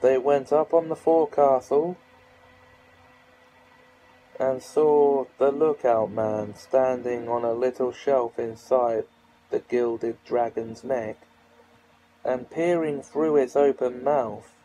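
A man reading a children's novel aloud in a measured storytelling manner. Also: medium pitch, steady tone, warm tone, a little hiss or hum, poor audio. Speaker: audiobook reader.

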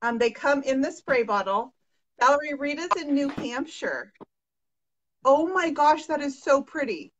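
A woman's voice: sits high, animated, a little slow, slight background noise. A young woman hosting a casual live painting demo, enthusiastic and encouraging. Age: young adult. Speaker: host. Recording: dull lo-fi sound.

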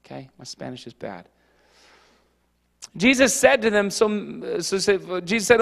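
A youth pastor with a high, light voice, preaching in a lively, joking way. His talk rings out with a long reverb in a church hall. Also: gravelly. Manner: animated, jokey, puts on quick character voices. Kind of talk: casual youth sermon.

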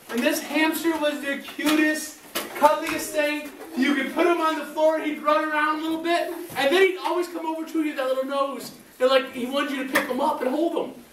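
Woman, high voice, children's church teacher, animated storytelling, far from mic, roomy hall. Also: background noise. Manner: animated, asks the children questions. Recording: echoey hall, recorded from far off.

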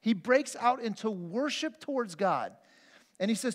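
A man's voice: high-pitched, animated, measured pace. A man preaching a conversational sermon as pastor, telling personal stories in an earnest way with frequent restarts. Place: church sanctuary. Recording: long reverb of a church hall.

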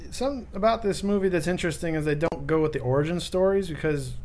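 A man's voice: fairly high pitch, a little mellow. A man on a casual movie podcast, talkative and explaining his views. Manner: quick, talkative, explaining opinions. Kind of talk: casual movie commentary chat.

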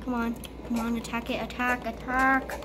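A woman's voice: on the high side, flat delivery, normal speed, background noise. A woman giving live gameplay commentary, panicky, pleading and screaming often as she plays. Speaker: gamer.

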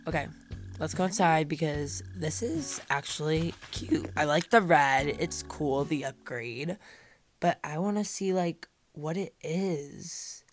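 A young woman chats her way through a cozy video game, dramatic and playful, tossing out quick asides. Her voice sits a little low, with faint game music behind her. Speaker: gaming channel host. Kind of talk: casual gameplay commentary.

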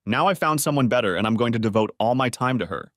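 A man's voice: medium pitch, lively intonation, fast, a bit bright, no echo, studio quality, close to an everyday voice. A man voicing a smug, cocky big man who talks boastfully and dismissively.

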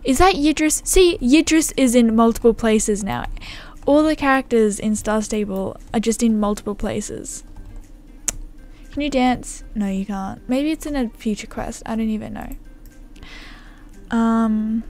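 A woman's voice: on the high side, a little slow, a little mellow, soft background music. A woman gaming YouTuber giving gameplay commentary, bubbly and gushing, often saying "like" and "oh my god", into a desktop microphone.

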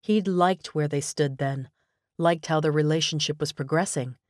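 Low, dry female audiobook narrator. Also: dry recording. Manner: even, measured storytelling. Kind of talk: scripted narration.

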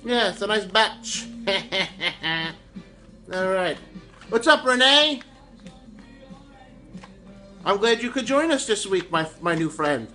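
A man with a very high, bright voice hosts a casual home cooking video, rambling through crude jokes and asides to the viewers. He is caught from across an echoey kitchen, with faint music playing behind him. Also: lively intonation, unhurried, pauses often, recorded from a distance.

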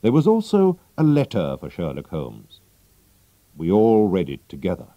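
Male narrator, slow and measured, dark warm tone, lively pitch, dry close mic. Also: no echo. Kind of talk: slow scripted story narration for English learners.

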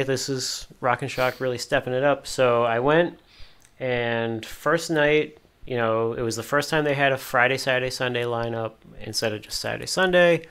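A man in a casual podcast chat, telling an excited fan anecdote with many fillers and restarts. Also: medium pitch, clear, resonant tone. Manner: rambling, lots of "you know" fillers and restarts. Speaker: occasional podcast co-host.

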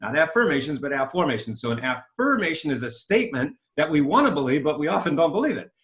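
A man's voice: a little high, big pitch swings, quick pace, a bit bright. A man talking as a self-help author and coach in an interview, eagerly explaining his method and repeating phrases as he goes. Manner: enthusiastic, self-promoting, repeats himself. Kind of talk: promotional interview talk.

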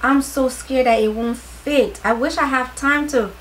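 A tired woman vlogger chatting casually to her viewers during a clothing haul, excitable, with her voice starting to crack. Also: high-pitched, a little slow, slight background noise, poor audio. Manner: excitable, talks straight to viewers.

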